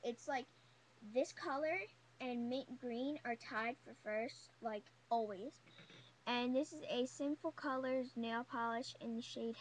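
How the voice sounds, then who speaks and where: A woman's voice: a little high, fairly even intonation, a little slow, slight background noise, rough recording. A young woman chatting casually in a beauty haul vlog, gushing and chatty, full of fillers. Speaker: beauty vlogger. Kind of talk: casual haul video chat.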